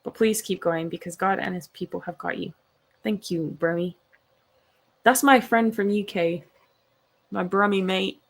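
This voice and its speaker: A woman's voice: mid-range voice, unhurried, pauses often. A young woman hosting a casual livestream, talking passionately and reading out chat comments. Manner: passionate, emphatic, animated. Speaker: livestream host.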